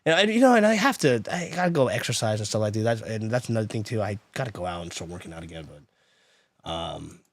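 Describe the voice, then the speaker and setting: A man talks casually to his viewers as he fights with broken streaming software, venting and muttering to himself. His pitch swings widely, leaping up in outbursts and sinking into low grumbles. The sound is dry and close, with no room around it. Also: expressive, quick pace, no room sound. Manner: frustrated, exasperated, swings between loud outbursts and muttering; chats with viewers while troubleshooting. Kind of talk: casual live-stream chat.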